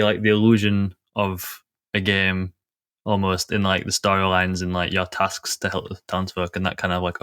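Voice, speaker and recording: A man with a Yorkshire accent chats loosely as a podcast guest, sprinkling his talk with fillers. His voice sits low and sounds dry and close, with no room around it. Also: fairly bright tone, smooth, no echo. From Yorkshire, England. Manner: loose and chatty, full of fillers. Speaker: game developer guest. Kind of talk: casual podcast chat.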